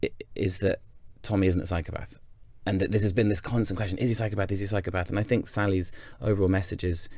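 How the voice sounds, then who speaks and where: A man's voice: deep voice, steady tone, fast talker, hardly any pauses, darkish tone, no echo. A man from North Yorkshire, an actor, talking through his thoughts in a casual interview, often restarting his sentences. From England, North Yorkshire. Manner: thoughtful, rambling with frequent restarts.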